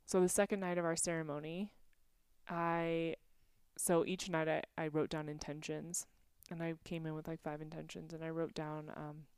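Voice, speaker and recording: A woman's voice: low-pitched, little pitch movement, normal speed, a little mellow, smooth, no echo, clean studio sound. A woman telling personal stories in a candid, emotional conversation among friends, speaking frankly and sometimes swearing. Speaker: podcast guest.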